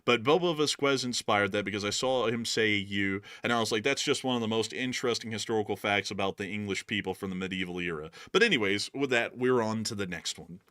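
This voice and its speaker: A man hosting a casual livestream chat, animated and quick to laugh. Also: on the low side, no echo, clean studio sound. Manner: animated, laughs loudly, drawls "y'all". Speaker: host.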